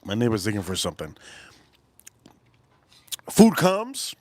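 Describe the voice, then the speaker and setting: A man's voice: fairly low pitch, huge pitch swings, measured pace, darkish tone, dry recording. A man hosting a livestream, telling a story in a blunt, profane, rambling way with lots of repeats. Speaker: livestream host.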